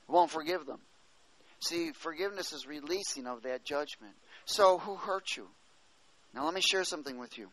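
This preacher's voice sits high and sounds pushed and bright, moving fairly quickly in a dry recording of poor quality. He reads and explains scripture during the sermon, calling to the congregation for an "Amen?"

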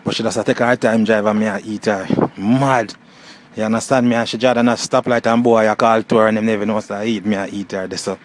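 A man's voice: lowish voice, flat delivery, fast talker, hardly any pauses. Jamaican guy leaving a flirty voice note outside, rambling patois, faint traffic behind. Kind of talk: casual voice note to a partner. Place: outdoors. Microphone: phone voice note.

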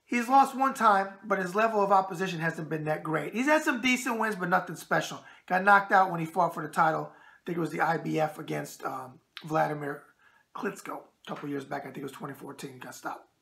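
Middle-aged male host, brash tough-guy talk, bright gravelly voice. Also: high-pitched, fairly quick. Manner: brash tough-guy banter, calls people pal. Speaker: boxing show host. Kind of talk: casual mailbag show.

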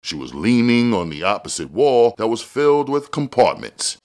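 A man's voice: mid-range voice, sing-song, moderate pace, darkish tone. A man reading a novel aloud in first person, telling the story expressively with casual swearing. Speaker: audiobook reader.

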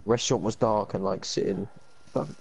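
A young man, ranting in animated slang during a casual chat while gaming. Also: fairly low pitch, moderate pace, creaky, a little hiss or hum.

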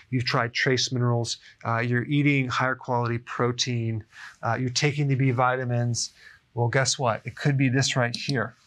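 Casting: middle-aged man, mid-pitched, chatty health explainer to camera, frequent "okay?" check-ins. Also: fairly bright tone. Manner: chatty, often adds "okay?". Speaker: health educator. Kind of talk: casual explainer talk to camera.

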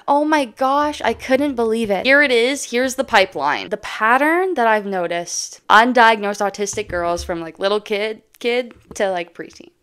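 A woman's voice: mid-range voice, moderate pace, gravelly, few pauses, fairly bright tone, clear, resonant tone. A young woman from Canada talking straight to camera in a casual, emphatic, blunt way that includes swearing. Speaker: vlogger.

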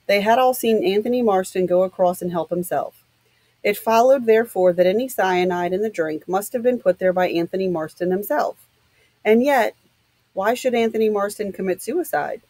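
A woman reading a novel aloud in an even, measured narration. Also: medium pitch, no echo, rough recording. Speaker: audiobook reader.

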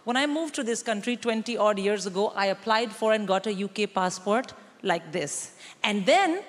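A woman's voice: mid-range voice, expressive, normal speed. Brash woman comic on a reverberant stage. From India. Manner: brash, exasperated, mock-indignant storytelling. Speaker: stand-up comic. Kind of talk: stand-up routine. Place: theatre stage with live audience. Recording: live venue with long reverb.

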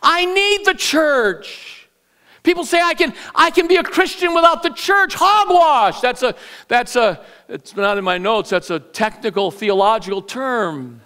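Middle-aged guy preaching in church, pretty high voice, goes loud then drops real soft, repeats words a lot. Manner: animated preaching, swinging from loud high bursts to low soft asides; repeats words when building up a point. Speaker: pastor. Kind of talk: sermon. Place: church sanctuary.

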